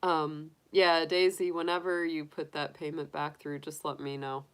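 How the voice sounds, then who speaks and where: Lady on a livestream cooing baby talk at her bunny, lowish voice. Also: flat delivery, normal speed, smooth. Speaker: tarot reader livestream host. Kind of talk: casual livestream chat.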